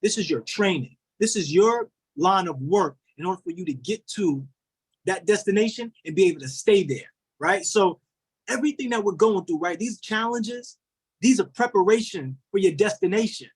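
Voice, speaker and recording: High husky-voiced man giving a pep talk. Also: expressive, moderate pace. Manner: preachy, repetitive, rallying the group. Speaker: motivational coach and call host. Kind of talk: motivational pep talk on a group video call. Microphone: video call.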